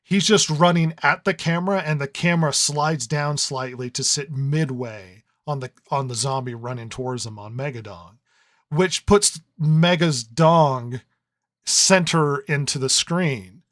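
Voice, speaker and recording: A man's voice: fairly high pitch, measured pace, fairly bright tone, no echo, clean studio sound. A man co-hosting a podcast review in casual chat, rambling and riffing with lots of stammered restarts. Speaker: podcast co-host.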